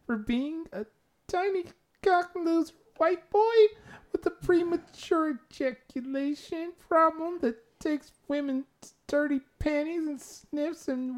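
A man voicing a whining, pathetic young man who begs in a squeaky, breathless tone.

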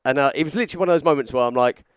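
A young man telling a story on a podcast, animated, acting out quotes with lots of fillers and restarts. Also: medium pitch, rapid-fire, clean tone, no echo, clean studio sound. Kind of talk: casual storytelling chat.

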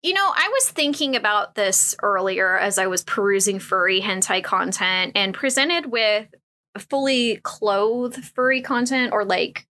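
A woman hosting a casual comedic commentary show with a bright, crisp voice. She talks frankly and crudely, laughs often, and fills her sentences with "like" and "um.". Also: mid-range voice, lively intonation, a little slow.

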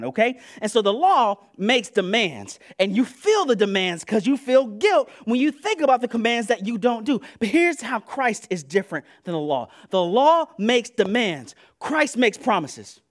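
A man preaching a sermon in an animated, conversational and slangy way, often repeating "listen" to press his points. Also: high voice, normal speed.

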